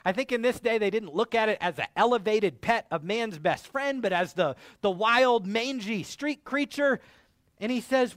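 A male pastor delivers a sermon with a slightly high voice that swoops up and down as he acts out biblical scenes. His delivery is animated and theatrical. The sound is dry and close, with no room echo. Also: moderate pace.

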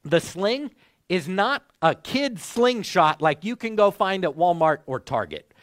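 A young man preaching a sermon, teaching the text in a measured, clear way with rising and falling inflection. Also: sits high, big pitch swings, dry recording, clean studio sound.

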